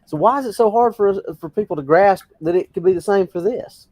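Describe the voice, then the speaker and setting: A man co-hosting a paranormal podcast, making his case in an animated, argumentative way. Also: high voice, fairly quick, dry recording. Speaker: podcast co-host. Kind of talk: casual group chat.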